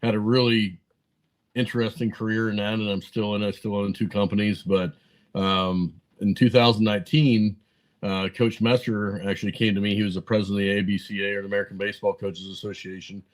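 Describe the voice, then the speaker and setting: Low flat-voiced man telling stories. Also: fairly quick, rough recording. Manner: rambling anecdotes full of fillers and quoted dialogue. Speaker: podcast guest. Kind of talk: casual storytelling interview.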